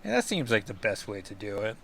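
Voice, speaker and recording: A man's voice: lowish voice, sing-song, quick pace, gravelly. A man hosting a casual comic book review podcast, rambling and self-deprecating with lots of asides.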